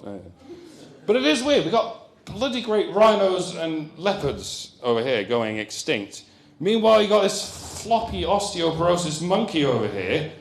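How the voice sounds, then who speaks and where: A man giving a comic lecture at a conference, animated and jokey with rambling asides. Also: mid-range voice. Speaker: comedian giving a conference talk. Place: conference hall. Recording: roomy hall echo.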